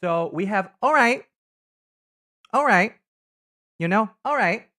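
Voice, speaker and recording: A man chatting casually on a live stream, camp and animated, greeting viewers by name while he ranks things. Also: high voice, slow. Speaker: live streamer reading chat. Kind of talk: casual live-stream chat ranking items.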